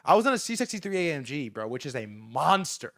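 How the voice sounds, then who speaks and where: Animated, bright-voiced young man telling a story. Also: on the high side, fast talker, gravelly. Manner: animated, profane, repeats himself and restarts. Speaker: livestream host. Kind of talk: casual storytelling on a livestream.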